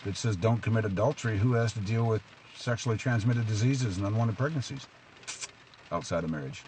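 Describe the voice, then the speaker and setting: Outdoors in the rain, a preacher gives an informal devotional talk a little fast, with a slight hiss or hum on the audio. He makes his point by asking questions and telling stories, his pitch rising in lively ways.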